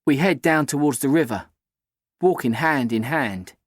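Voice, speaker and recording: A man reads a first-person novel aloud at a middle pitch. His manner is even and story-minded. The recording is dry and close. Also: normal speed, no echo. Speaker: audiobook narrator. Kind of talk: scripted first-person narration.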